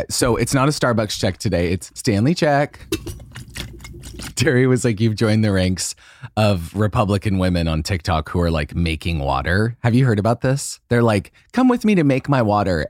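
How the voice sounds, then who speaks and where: A man's voice: on the low side, no room sound, studio quality. A young man co-hosting a podcast in casual, campy comedic chat, slipping into playful put-on quotes. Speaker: podcast co-host.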